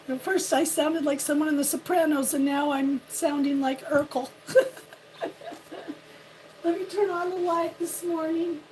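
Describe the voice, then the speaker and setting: A woman hosting a casual morning live stream, hoarse and losing her voice from a cold, chatting and laughing at how she sounds while greeting viewers by name. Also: sits high, steady tone, slow pace, pauses often, darkish tone, slight background noise. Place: home on a windy ridge.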